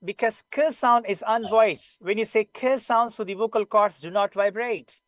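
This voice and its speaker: High-voiced Pakistani English teacher. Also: male voice, moderate pace, a bit bright, no room sound. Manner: explains patiently, repeating the key sounds. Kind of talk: online class lesson.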